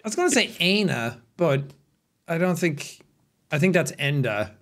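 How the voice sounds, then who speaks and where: A man's voice: a little high, expressive, normal speed, a bit bright. A young Irish man co-hosting a podcast in casual chat, joking, laughing often and swearing freely. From Ireland. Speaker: podcast co-host.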